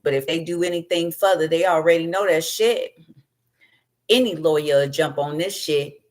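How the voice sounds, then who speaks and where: A woman's voice: low voice, moderate pace, darkish tone. A woman doing a tarot reading as a brash, profane, rambling rant, laughing as she goes. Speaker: tarot reader.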